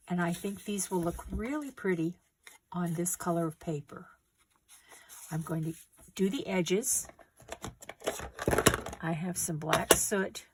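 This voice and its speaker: A middle-aged woman calmly walking viewers through a paper craft step by step while she works. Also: on the low side, heavy background noise. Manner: gentle, unhurried instructions while working with hands. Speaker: craft tutorial host.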